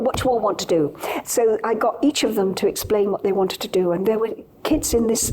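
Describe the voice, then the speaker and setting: A woman's voice: medium pitch, a little mellow, a little hiss or hum, low-quality recording. An older woman from Britain, a TV journalist, telling a story as a guest in a live conversation, with quoted dialogue and many restarts. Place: on stage at a live event.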